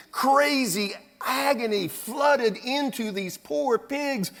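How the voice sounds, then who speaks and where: Slow, high-voiced storytelling preacher. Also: male voice, fairly bright tone. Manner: storytelling preacher, dramatic pauses, acts out scenes. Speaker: pastor. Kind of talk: sermon. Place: church sanctuary.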